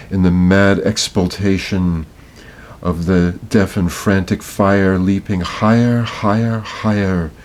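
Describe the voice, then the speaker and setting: A man's voice: low voice, a little mellow. A man in his sixties from Miami, a podcast host reciting a poem dramatically and then reflecting on it with hesitant, searching talk. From Miami, Florida. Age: 60s. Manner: slow dramatic reading, hesitant afterwards.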